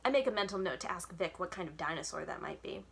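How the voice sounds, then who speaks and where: A woman, a children's librarian, reading a children's novel aloud in clear, even narration. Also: lowish voice, fast.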